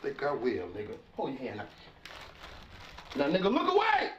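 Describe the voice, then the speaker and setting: A man's voice: medium pitch, wildly swooping pitch, normal speed, muffled recording, a little hiss or hum. An actor playing a boastful, ranting male uncle who deals crack, cursing and laughing through blustery threats. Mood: bragging. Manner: profane, blustering, laughing rants. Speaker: uncle and drug dealer.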